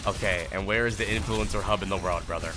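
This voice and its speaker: A man's voice: fairly low pitch, steady tone, fast, over music. A young man from the US East Coast reviewing gameplay on a live stream, talking to chat in a blunt, profane and casual way. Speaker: streamer and coach.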